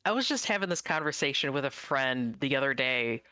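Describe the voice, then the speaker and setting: A guest talks casually on a livestream interview, relaxed, chatty and amused. The voice sits at a middle pitch with a bright tone. It is recorded dry, with no room echo. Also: fairly quick, smooth.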